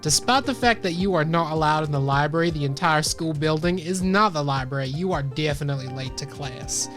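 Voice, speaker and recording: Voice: mid-range voice, fairly quick, a bit bright, lightly acted. A game master voicing a young female truancy officer of about twenty, in a put-on Texan drawl, breezy and bossy, over faint music.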